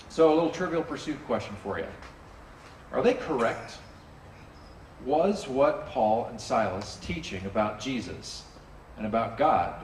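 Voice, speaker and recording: A man preaching a sermon to a congregation in a relaxed, conversational way, often asking listeners to join in. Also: medium pitch, slight background noise. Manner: conversational, animated, drops in playful character asides. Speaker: pastor. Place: church sanctuary with a congregation. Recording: roomy hall, distant mic, faint ambience.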